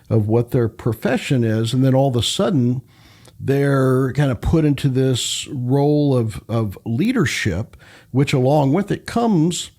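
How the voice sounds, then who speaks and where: Mellow, husky-voiced male radio host. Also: medium pitch. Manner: hesitant, many fillers and restarts. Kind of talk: interview.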